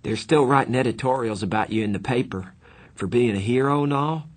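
A man's voice: mid-range voice, fairly quick, voice pushed up, lightly acted. A man reading a novel aloud, voicing a tough teenage hoodlum who talks with tense, breathless urgency. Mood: forced cheer.

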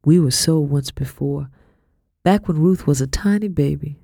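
A woman reading a first-person storybook, earnest and quietly tense, sometimes dropping to a whisper. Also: low-pitched, moderate pace, creaky, no echo, clean studio sound. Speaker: audiobook reader.

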